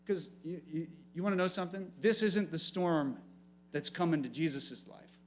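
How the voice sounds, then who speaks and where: Youth pastor guy, fairly high voice, animated, keeps asking the kids questions. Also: moderate pace, a little hiss or hum. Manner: animated, talks straight to the teens. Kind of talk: youth sermon. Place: room full of young people.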